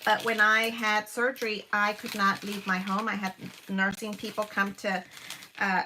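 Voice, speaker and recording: A woman's voice: medium pitch, pushed and bright, a little hiss or hum. A woman in her fifties hosting a live crafting stream from home, gushing over each piece with lots of fillers. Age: 50s. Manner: gushing, exclaims often, many fillers. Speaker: crafting livestream host. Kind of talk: casual live craft chat.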